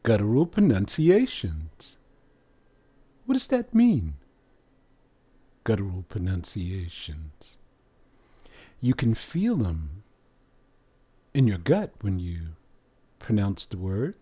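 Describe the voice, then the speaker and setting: A man teaching a religious language lesson, drawing out letter sounds slowly and putting questions to the listener. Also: fairly low pitch, huge pitch swings, dark tone, breathy edge.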